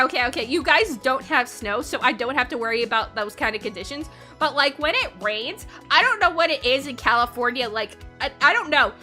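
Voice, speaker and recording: A young woman with a high, bright voice talks casually to her live chat on stream. She is chatty and giggles often between sentences. Faint music plays quietly under her voice.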